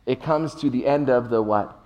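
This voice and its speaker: A middle-aged male pastor preaching a sermon with emphatic swings between soft and loud delivery. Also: mid-range voice, moderate pace, lo-fi sound, a little hiss or hum.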